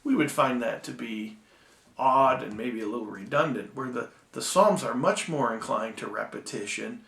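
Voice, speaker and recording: A man giving a recorded Bible-school lecture, measured and full of ums and restarts, slowing down to read poems aloud. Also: mid-range voice, vocal fry, fairly bright tone, reverberant.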